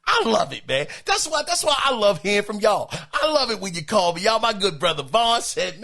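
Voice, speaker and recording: A middle-aged man hosting a podcast, reacting to listener emails in an emphatic, exclaiming, animated way. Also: high voice, fairly quick, vocal fry, few pauses. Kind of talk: casual podcast commentary.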